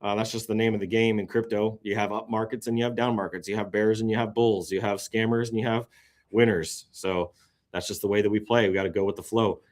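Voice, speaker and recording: A man hosting a casual crypto show, talking through market charts on screen, flipping from low muttering to sudden loud exclamations and an occasional yawn. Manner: excitable, swings between muttering and sudden exclamations; yawning, drawn-out sighs.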